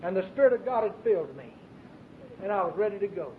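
A Baptist preacher, preaching an emphatic, storytelling sermon with many repeated phrases. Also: male voice, expressive, quick pace. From Arkansas, US. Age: 40s. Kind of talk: fervent sermon. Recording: tinny lo-fi recording with faint hiss and rumble.

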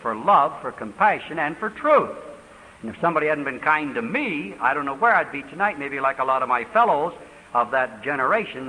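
An older man preaching in a question-and-answer session at a church, talking quickly with fervent emphasis. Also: a little high, pushed and bright. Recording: reverberant hall, faint hiss.

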